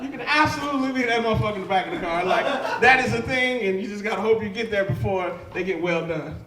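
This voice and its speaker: High-voiced young man doing profane stand-up. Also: expressive, fast, over a noisy crowd. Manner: loud, profane storytelling with shouted punchlines. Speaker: stand-up comedian. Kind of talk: live stand-up set. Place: comedy club stage. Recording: echoey live club room.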